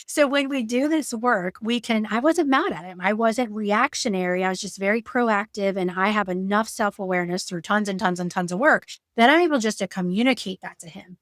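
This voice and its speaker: A woman's voice: medium pitch, fairly quick, hardly any pauses, no echo, studio quality. A woman coach teaching about couples work after betrayal, talking in a conversational way with fillers and acted-out quotes. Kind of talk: educational talk with personal examples.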